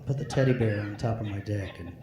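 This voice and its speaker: Speaking in a fairly low voice, a tipsy man works through a stand-up set, halting, rambling, and constantly using fillers and restarting. It's recorded in an echoey room with background noise and faint ambience.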